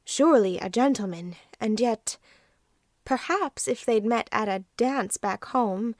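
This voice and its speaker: Slow, measured woman narrator. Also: on the high side, expressive, a little mellow, dry recording, studio quality. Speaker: audiobook narrator. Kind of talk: scripted narration.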